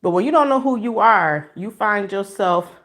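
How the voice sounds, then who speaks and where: A woman from Michigan hosting a casual livestream from home, talking to viewers on a phone she holds as she walks around, emotional and expressive with a preachy streak. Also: medium pitch, normal speed. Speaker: livestream host. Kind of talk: casual livestream commentary to a chat. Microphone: phone held in hand.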